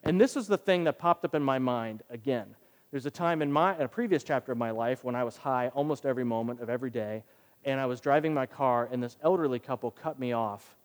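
A man preaching a sermon as pastor, telling a personal story with animated delivery. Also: mid-range voice, quick pace. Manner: animated storytelling, acting out other voices. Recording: long hall reverb.

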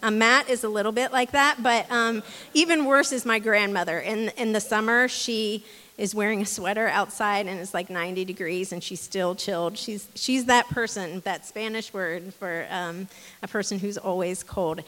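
A woman giving a relaxed, chatty sermon in a church, talking with many ums and restarts. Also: mid-range voice, normal speed, big-room sound. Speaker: church speaker. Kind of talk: casual conversational sermon. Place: church hall.

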